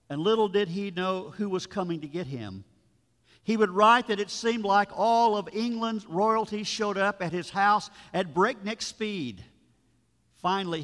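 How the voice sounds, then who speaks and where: A man's voice: sits high, a bit bright. A man, a pastor, giving a sermon in a storytelling, conversational way, with asides to his listeners. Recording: long reverb of a large room.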